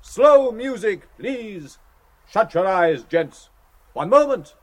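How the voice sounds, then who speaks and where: A man's voice: high-pitched, expressive, slow pace, voice pushed up, full character voice. A man reading an audiobook, voicing a plump, irreverent young man who talks gaily in a theatrical, mock-preaching way. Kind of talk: audiobook character voice.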